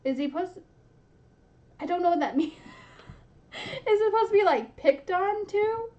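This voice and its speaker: Giggly high-voiced young woman. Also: animated, normal speed, mellow, muffled recording. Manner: giggly, chatty, often laughing mid-sentence. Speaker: book reaction host. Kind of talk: casual reading reaction chat.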